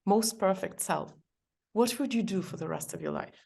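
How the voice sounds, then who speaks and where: A middle-aged woman, a guest on a podcast, who gives practical advice in a warm, chatty way and laughs often. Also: mid-range voice, animated, moderate pace, creaky, breathy edge. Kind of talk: podcast conversation.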